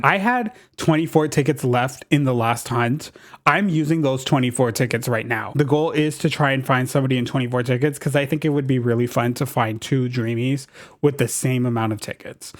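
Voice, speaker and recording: Chatty, excitable man doing gameplay commentary, mid-pitched voice. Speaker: gaming YouTuber.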